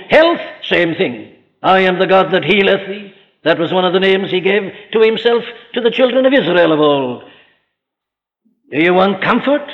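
A man preaching a sermon, emphatic and rhetorical, slowing down to quote scripture. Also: sits high. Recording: old lo-fi recording in a reverberant hall.

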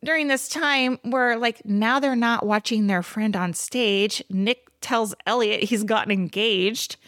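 A woman's voice: a little high, unhurried, a bit bright, dry recording, studio quality. Blunt woman podcast co-host. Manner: blunt, exasperated asides. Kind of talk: casual recap chat.

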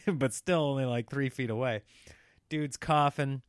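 A man in his thirties telling a story in casual chat, animated and slipping into the voices of people in it. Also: mid-range voice, a little slow, no room sound, studio quality.

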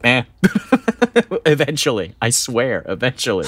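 Chatty low-voiced man, dry sound. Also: animated, no room sound. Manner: chatty, rambling with restarts and a quick laugh. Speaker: podcast co-host. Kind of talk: casual chat.

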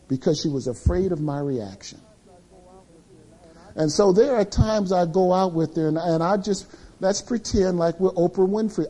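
A middle-aged man preaching to a room of men, with a fairly high voice that has a soft husky edge. His tone is mellow, and he tells stories about himself in a lively, confessional way. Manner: animated, confessional storytelling. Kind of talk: sermon to men.

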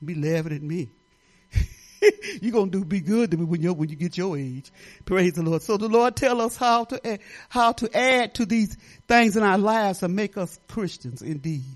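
An older woman pastor from Detroit giving a folksy, animated sermon, talking straight to the congregation with laughing asides. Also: mid-range voice, normal speed. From Detroit, Michigan.

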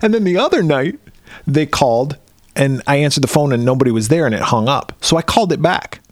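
Animated, swearing male podcast host. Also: medium pitch, fairly quick, dry recording, clean studio sound. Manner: profane, laughing, acts out phone calls in funny voices. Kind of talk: casual podcast chat about a horror film.

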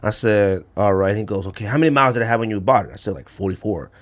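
A man co-hosting a podcast in casual chat, telling a story animatedly, acting out quotes and saying bruh and man a lot. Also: quick pace. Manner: animated storyteller, acts out quotes with big pitch jumps. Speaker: podcast co-host.

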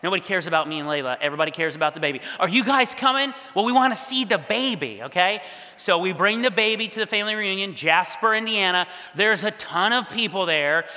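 Higher-pitched guy preaching, animated storyteller, big echoey church hall. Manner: animated, acts out quoted voices. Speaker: pastor. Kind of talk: storytelling sermon. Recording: long hall reverb.

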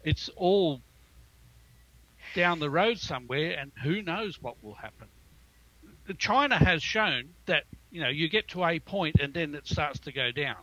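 A man's voice: a little high, animated, unhurried, sharp tone, lo-fi sound. A man, a librarian, thinking aloud in a casual group chat and repeating himself.

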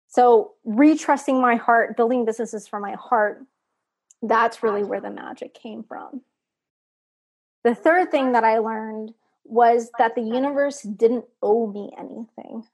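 A woman's voice: fairly high pitch, darkish tone. A woman from Texas, a podcast guest, speaking earnestly and reflectively about her life and work, sometimes laughing at herself. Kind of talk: heartfelt interview talk.

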